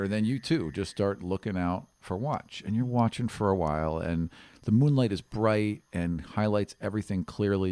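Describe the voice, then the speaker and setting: A man narrating as game master of a tabletop game, relaxed and conversational. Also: low voice, no echo. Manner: relaxed, conversational, hesitant fillers.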